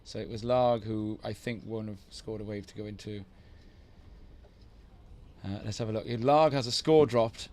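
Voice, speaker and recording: A man's voice: on the low side, steady tone, normal speed, long pauses, darkish tone. Chatty man commentating a surf contest. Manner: chatty, teasing, self-deprecating. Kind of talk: live sports commentary with banter.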